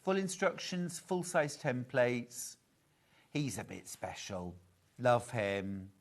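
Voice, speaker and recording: A man's voice: mid-range voice, very animated, slow pace. A man hosting a live craft shopping show in a TV studio, chatty and upbeat. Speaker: shopping channel host.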